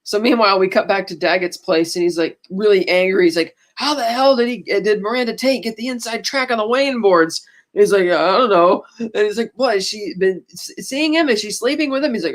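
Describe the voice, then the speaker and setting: A woman's voice: medium pitch, brisk. A woman co-hosting a podcast in casual chat, retelling a movie scene by scene and loosely quoting the characters. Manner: retells a film plot, breezily quoting characters. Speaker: podcast co-host.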